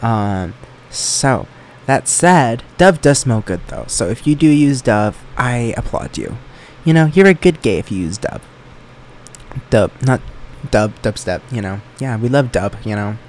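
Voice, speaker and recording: A man's voice: medium pitch, expressive, unhurried, a little hiss or hum. A young man hosting a solo podcast, rambling in a joking, self-deprecating way. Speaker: podcast host.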